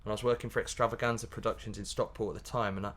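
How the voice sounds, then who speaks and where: A man, a pantomime comedian chatting as a guest in a casual interview, animated and laughing, often restarting his sentences. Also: on the low side, racing. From Yorkshire, England.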